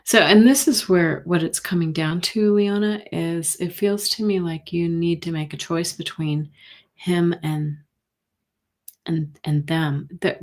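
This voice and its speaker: A middle-aged woman hosting a live tarot reading stream, talking gently and sympathetically with many pauses and fillers. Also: sits low. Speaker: intuitive reader, host.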